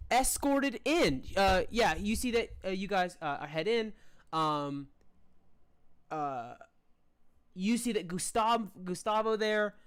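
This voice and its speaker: Rambling woman game master, smooth voice. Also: on the low side, dry recording. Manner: rambling, filler-heavy. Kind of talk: narrating a tabletop game.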